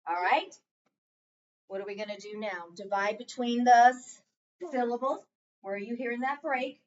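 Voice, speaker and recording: A woman's voice: a little high, normal speed, lo-fi sound. Woman teacher, distant classroom recording. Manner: patient, prompting with fill-in questions. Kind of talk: classroom phonics lesson.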